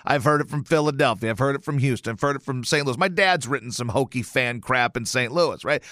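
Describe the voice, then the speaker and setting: A man's voice: medium pitch, expressive, a little fast, hardly any pauses, fairly bright tone, no room sound, studio quality. A man hosting a casual sports talk show, sarcastic and mocking, tossing off joke rhymes. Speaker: podcast host.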